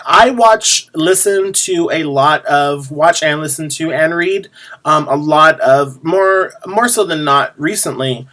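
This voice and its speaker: A man talks straight to camera as a drag performer's video diary, rambling with frequent pauses and restarts. His voice sits a bit high, and he lands his asides with a sassy edge. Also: bright, forceful tone. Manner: rambling, lots of ums and restarts; sassy, chatty. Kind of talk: casual chat to camera.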